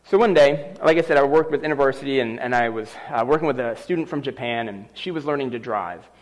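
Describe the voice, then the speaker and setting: A middle-aged man preaching a sermon, telling a personal story with lively, animated delivery. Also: medium pitch, fast talker. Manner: animated storyteller acting out scenes. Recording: long reverb of a large hall.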